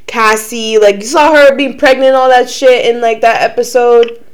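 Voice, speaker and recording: A woman's voice: fairly high pitch, fairly even intonation, moderate pace, clean tone. A young woman co-hosting a podcast, chatting casually, swearing a lot and laughing often. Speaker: podcast co-host. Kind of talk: casual chat.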